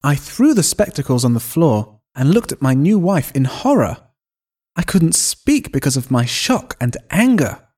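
A man reading a first-person story aloud in an expressive, storytelling manner. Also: a little high, measured pace, slightly rough. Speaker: narrator. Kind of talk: scripted story narration.

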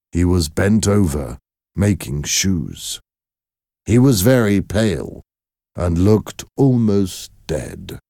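A man narrating a story in a slow, clear, measured way. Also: low voice, mellow, dry recording, clean studio sound.

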